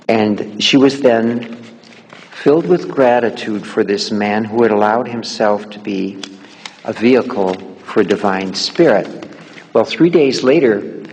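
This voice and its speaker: Husky man telling a spiritual story. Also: on the low side. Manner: gentle, unhurried, with soft chuckles. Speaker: spiritual speaker. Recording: long hall reverb.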